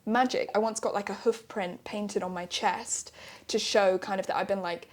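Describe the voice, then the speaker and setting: A woman's voice: mid-range voice, fairly even intonation, moderate pace. A young British woman, a voice actor, telling stories in a playful, chatty way and laughing often during a casual interview. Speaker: voice actor guest.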